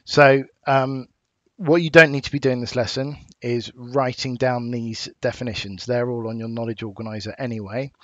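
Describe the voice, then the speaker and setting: A man with an English accent, a teacher giving a recorded lesson, explaining patiently and clearly with small fillers. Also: medium pitch, fairly even intonation, moderate pace, hardly any pauses, fairly bright tone, no echo. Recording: dull dry home recording.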